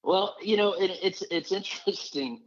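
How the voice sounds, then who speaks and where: A man's voice: high-pitched, moderate pace. A man hosting a podcast interview, talking casually and rambling, with many restarts. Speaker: podcast host. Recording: dull lo-fi sound.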